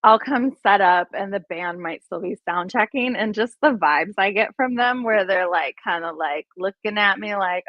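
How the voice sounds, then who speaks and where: A woman's voice: fairly low pitch, steady tone, moderate pace, no room sound. A woman guest recounts her anecdotes with animation, laughing often as she talks. The sound is dry and a little muffled, with no room around it. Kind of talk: casual storytelling in an interview.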